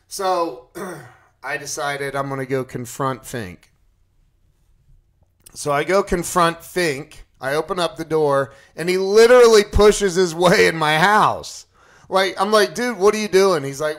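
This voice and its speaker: A man casually telling a personal story to his live chat, animated and acting out his own panic. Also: on the high side, a little slow.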